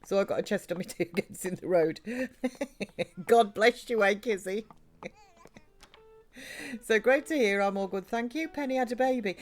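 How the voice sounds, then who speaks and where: A woman's voice: medium pitch, unhurried, pauses often. A woman chatting her way through a live-streamed life-sim game, rambling between the game and her viewers. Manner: chatty, rambling, talks to chat and game characters. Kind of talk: live-stream gameplay chat.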